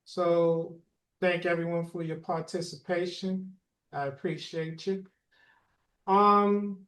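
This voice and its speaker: A man hosting a podcast, wrapping up a casual discussion with emphatic, deliberate statements. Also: fairly high pitch, fairly even intonation, fairly bright tone. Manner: emphatic, deliberate when making a point. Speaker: podcast host.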